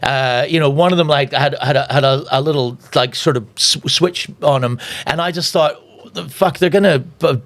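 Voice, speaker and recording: A man's voice: medium pitch, moderate pace, hardly any pauses, a bit bright. A man telling a long, rambling story in casual pub talk, swearing freely and restarting his sentences often. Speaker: comedian guest.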